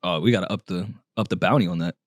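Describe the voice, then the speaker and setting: A man's voice: low voice, quick pace, no room sound, clean studio sound. A man co-hosting a podcast, making wry jokes and laughing through casual banter. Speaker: podcast co-host. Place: podcast studio. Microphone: studio microphone.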